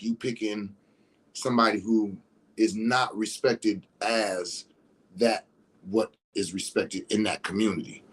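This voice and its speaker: A man's voice: fairly low pitch, a bit bright, breathy edge. A man talking casually on his livestream, rambling and repeating "you know what I'm saying" as he explains his views. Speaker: livestream host.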